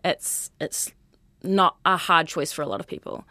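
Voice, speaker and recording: Young Kiwi woman, twenties, teacher in a frank interview; lowish pitch, chatty, dry recording. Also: normal speed, pushed and bright, no room sound. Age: 20s. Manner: earnest, chatty, full of "like" and "you know". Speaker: high school teacher. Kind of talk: candid interview.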